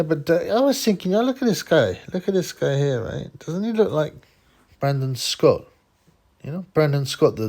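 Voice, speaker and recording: A man's voice: mid-range voice, darkish tone. A man hosting a boxing channel, rambling through a casual commentary vlog, laughing often and sliding into a conspiratorial rant.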